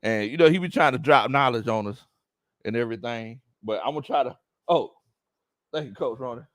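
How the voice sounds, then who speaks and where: A man's voice: medium pitch, brisk, a bit bright, no room sound, studio quality. A man hosting a live sports chat, reading viewer comments, teasing his audience and laughing often. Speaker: sports talk host.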